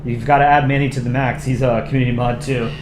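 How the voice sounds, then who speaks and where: A man's voice: mid-range voice, flat delivery, fast talker. A man streaming live, chatting casually as he reviews fan art, rambling with frequent ums. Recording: echoey room with background noise.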